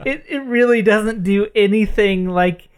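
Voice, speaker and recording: A woman's voice: medium pitch, a little slow. Chatty wry woman co-host. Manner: wry, chatty, laughs while talking. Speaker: podcast co-host. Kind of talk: casual chat.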